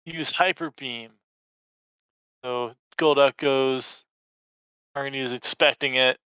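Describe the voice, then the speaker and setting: Slow, bright-voiced man recapping. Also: mid-range voice, clear, resonant tone, no echo. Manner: measured, step-by-step play-by-play. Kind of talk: casual episode recap. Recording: dull lo-fi recording.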